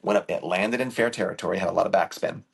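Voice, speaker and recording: Gravelly low-voiced man telling stories. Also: fast. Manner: animated, emphatic storyteller. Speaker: guest, youth baseball coach and camp director. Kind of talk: casual storytelling conversation.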